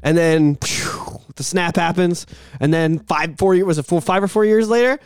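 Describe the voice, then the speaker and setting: High-voiced man in animated podcast banter. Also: moderate pace, clear, resonant tone, no echo. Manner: animated, swearing, acts out loud shouted bits. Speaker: podcast co-host. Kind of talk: casual chat. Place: small home studio.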